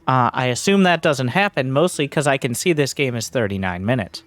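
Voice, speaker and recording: A man's voice: medium pitch, animated, a little fast, a bit bright, no room sound. A man coaching as he reviews gameplay, blunt, sarcastic and profane. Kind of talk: game coaching commentary.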